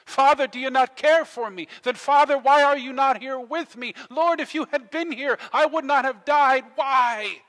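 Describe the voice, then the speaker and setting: Jesus, abandoned on the cross, cries out in a loud, high, desperate voice , as a preacher acts him out. The tone is bright and forceful, and it echoes through a church hall with a long reverb. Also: male voice, moderate pace, few pauses. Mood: anguished. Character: anguished Jesus crying out on the cross.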